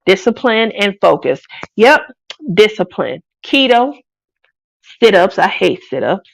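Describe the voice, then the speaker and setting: A woman's voice: mid-range voice, sing-song, a little slow, creaky, dry recording. A woman, hosting a craft live stream in casual chat, playful and laughing often as she reads out comments. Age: 40s. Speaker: craft channel host.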